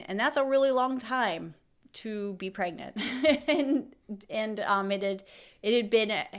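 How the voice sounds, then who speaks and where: A woman in her thirties tells a personal story as a podcast co-host. Her voice sits at an ordinary pitch, and she talks in a lively, emotional way, acting out her own thoughts as she goes. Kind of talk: casual chat.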